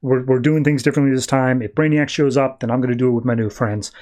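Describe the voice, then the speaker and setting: A man voicing a weary male monster who refuses firmly, quoted briskly in a casual comics recap. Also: medium pitch, fairly even intonation, darkish tone, natural voice. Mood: resolute.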